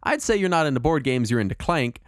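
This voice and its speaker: A man co-hosting a relaxed chat, rambling and animated, stopping to restart his thoughts. His voice sits at an ordinary middle pitch. It is recorded close and dry, with no room sound. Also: fast talker, dry recording. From Texas. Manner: rambling, animated, puts on silly voices when quoting people. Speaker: podcast co-host. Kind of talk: casual chat.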